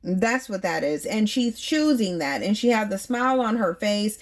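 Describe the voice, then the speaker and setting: Woman, 30s, outspoken reality TV commentator, emphatic, mid-pitched. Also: expressive, a little slow, few pauses. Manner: blunt, emphatic, rhetorical questions to viewers. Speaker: reality TV reviewer. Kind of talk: opinionated commentary.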